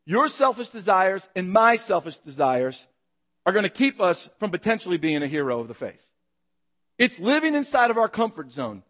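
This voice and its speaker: Male pastor, fairly high voice, dynamic sermon delivery with rhetorical questions. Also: big pitch swings, moderate pace, in a large hall. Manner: dynamic, rhetorical questions, acts out shouted calls.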